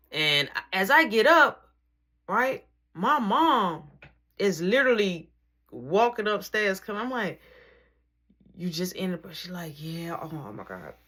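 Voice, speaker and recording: A woman telling a personal story in a casual, slangy way, with animated bursts and drops to near whispers. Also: medium pitch.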